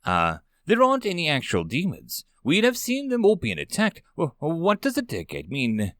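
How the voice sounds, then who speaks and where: A frightened young man in a sci-fi audiobook who stammers over his questions, as a man voices him. The pitch swings widely and the sound is dry and close. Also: huge pitch swings, normal speed, a bit bright, dry recording. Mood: nervous.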